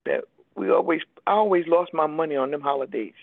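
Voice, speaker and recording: An older woman gives a personal testimony in a deeply gravelly voice, pressing each point home with emphasis. She comes through a thin, phone-like radio recording, close and dry. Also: expressive, fairly quick, no room sound. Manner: emphatic storytelling, voices the people she quotes. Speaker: speaker sharing a recovery story.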